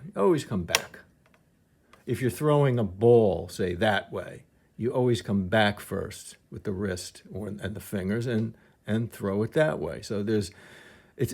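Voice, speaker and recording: A man's voice: medium pitch, darkish tone. A man teaching piano technique, explaining patiently and thinking aloud, with some restarts as he demonstrates.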